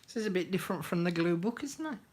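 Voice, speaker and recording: An older woman with a low voice chats casually as she hosts a crafting live stream. She greets viewers one by one and slips into soft, half-whispered murmurs while she works with her hands. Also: expressive, quick pace, slight background noise.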